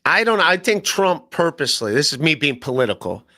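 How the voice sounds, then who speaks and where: A man's voice: a little high, big pitch swings, fairly quick, pushed and bright, no room sound, clean studio sound. A man hosting a podcast, chatting casually and joking around with rambling asides and lots of fillers. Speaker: podcast host. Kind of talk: casual comedic chat.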